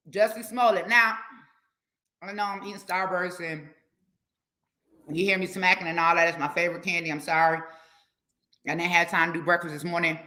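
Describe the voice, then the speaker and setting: A woman hosting a live talk show, chatting casually with her audience in an animated, exclamatory way. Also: lowish voice. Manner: animated, exclamatory, laughing asides. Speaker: show host.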